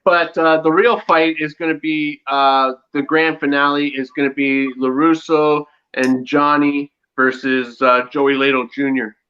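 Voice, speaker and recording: A man co-hosting a casual live show, chatting excitedly with a forceful, tense edge. His voice sits a touch high for a man. The audio is muffled and lo-fi, like a web stream. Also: a little slow, few pauses, clean tone. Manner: excitable, reenacts scenes with loud impressions. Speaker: show co-host. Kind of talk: casual chat.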